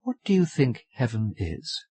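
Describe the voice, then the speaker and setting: A man voicing a solemn young female ghost who speaks gravely and quietly in an audiobook. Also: medium pitch, huge pitch swings, unhurried, pitched above the performer's own voice. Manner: grave, quiet, sometimes sharp. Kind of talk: audiobook character voice.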